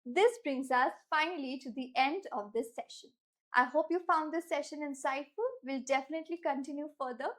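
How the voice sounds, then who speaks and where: A woman teacher with an Indian English accent, giving an instructional lesson and slowing down to stress key words. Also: high voice, a bit bright. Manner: clear, deliberate, slows down to stress key words.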